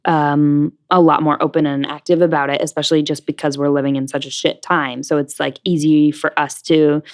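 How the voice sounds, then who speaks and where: Low-voiced young woman, chatty and frank. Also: flat delivery, brisk. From New Jersey/New York. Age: young adult. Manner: chatty, filler-heavy, frank. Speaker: guest, Broadway actress. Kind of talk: casual interview chat.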